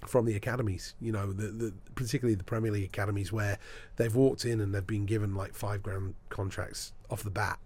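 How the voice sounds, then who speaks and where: Man telling lively sports anecdotes. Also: on the low side, fast talker, few pauses. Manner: lively storyteller, acts out the people he quotes. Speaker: sports broadcaster. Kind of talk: anecdotal storytelling in a podcast interview.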